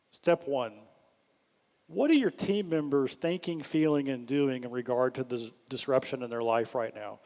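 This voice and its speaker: A man speaks to a workshop audience, animated and coaching, often lifting his voice to act out the questions he recommends. His voice sits a little high for a man. The sound carries the long reverb of a large hall. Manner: animated, acts out questions in a lifted voice. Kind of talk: leadership workshop talk.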